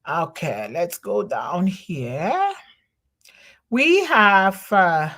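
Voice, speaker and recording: A woman's voice: on the low side, sing-song, very slow, vocal fry, fairly bright tone. A woman who is not a native English speaker hosts a live online show from home. She thanks viewers one by one by name and reads their comments aloud. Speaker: host. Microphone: home livestream over internet.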